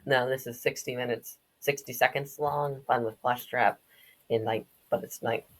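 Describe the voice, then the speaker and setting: A young woman with a notably low voice chats her way through a game's backstory. She drifts easily into joking asides and quick tangents, in a casual, offhand tone. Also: fairly even intonation. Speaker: game lore commentator. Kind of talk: casual commentary.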